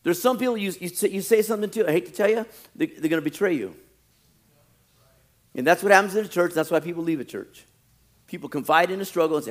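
A male pastor preaching a sermon, animated, often acting out quoted churchgoers. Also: a little high, brisk, long pauses.

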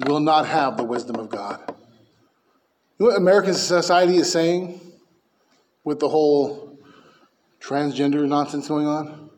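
A male pastor delivering a fervent sermon. His voice sits a touch high for a man, and his delivery swings from hushed, low phrases up to loud, emphatic peaks. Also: unhurried, long pauses, slight background noise.

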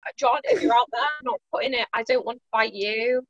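A woman's voice: a little high, fast talker, a bit bright, no room sound, dull audio. A young woman co-hosting a podcast, chatting casually in an emotional, giggly, dramatic way. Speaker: podcast co-host. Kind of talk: casual chat.

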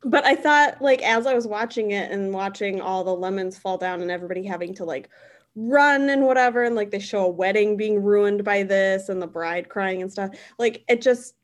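A woman's voice: mid-range voice, moderate pace. A young woman co-hosting a podcast, chatting in an easygoing, agreeable way and often laughing. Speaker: podcast co-host. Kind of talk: casual chat.

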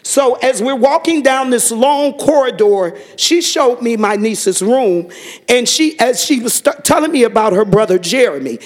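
A man giving a fervent testimony to a church congregation, telling a story and breaking into shouted praise. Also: very high voice, expressive, unhurried.

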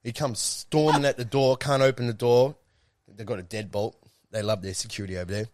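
A young Australian man tells a story in a loose, rambling way, swearing freely as he goes. His voice sits at an ordinary pitch. The recording is dry and close, with almost no room sound. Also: fairly even intonation, brisk, a little mellow, no room sound. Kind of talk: casual storytelling chat.

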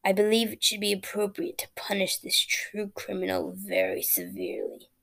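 A woman voicing a slimy, snakelike male royal debt collector in a nasal, slow whisper, as whispered role-play in a spoken storybook. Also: mid-range voice, big pitch swings, vocal fry, a bit bright, heavily acted. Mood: groveling.

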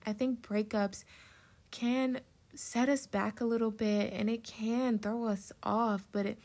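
A woman's voice: medium pitch, vocal fry, a little mellow. A woman in her twenties hosting a personal solo podcast, speaking heartfelt encouragement directly to the listener and getting a little emotional. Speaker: podcast host. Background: plane passing.

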